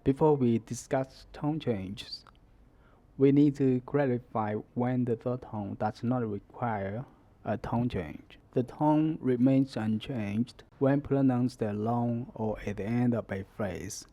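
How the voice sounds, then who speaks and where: A man hosts a scripted language lesson as a Mandarin teacher. He talks at an unhurried pace and explains each point deliberately. His voice is mellow and dark. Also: mid-range voice, muffled recording.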